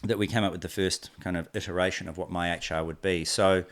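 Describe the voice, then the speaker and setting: A man's voice: low-pitched, quick pace. A man in his forties with a New Zealand accent, a guest telling stories casually and acting out quoted dialogue along the way. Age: 40s. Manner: relaxed, rambling, acts out quoted dialogue. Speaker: guest, company co-founder. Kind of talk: casual interview storytelling.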